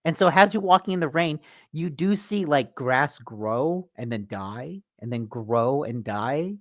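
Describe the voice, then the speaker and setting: A man hosting a casual gaming podcast, an animated storyteller who swears freely. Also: mid-range voice, unhurried, no room sound, lo-fi sound. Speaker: podcast host.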